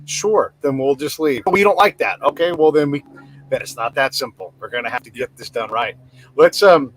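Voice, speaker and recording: A man's voice: on the high side, normal speed, slight background noise, low-quality recording. A man hosting a casual podcast interview, talking conversationally and thinking aloud. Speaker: podcast host.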